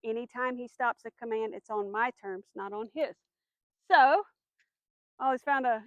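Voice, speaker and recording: High-voiced woman teaching dog commands. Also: moderate pace, no echo, narrow, tinny audio. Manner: clear, patient explaining, firm short commands to the dog. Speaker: dog trainer. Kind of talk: instructional demonstration.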